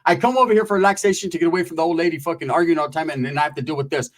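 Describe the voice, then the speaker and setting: Relaxed, foul-mouthed storyteller, a slightly high man's voice. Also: very fast. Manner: laid-back, profane, slangy. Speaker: comedian storyteller. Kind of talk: comedic storytelling.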